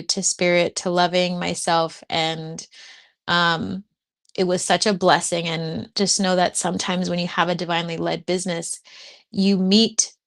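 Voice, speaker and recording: A woman's voice: on the low side, fairly bright tone. A young adult woman, a spiritual business coach, talking casually and emotionally to her live audience, laughing often. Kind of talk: casual livestream talk to an audience.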